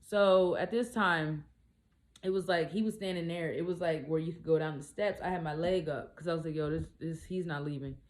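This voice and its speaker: A woman and single mom telling a story in a casual vlog, animated and blunt, swearing freely. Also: lowish voice, normal speed.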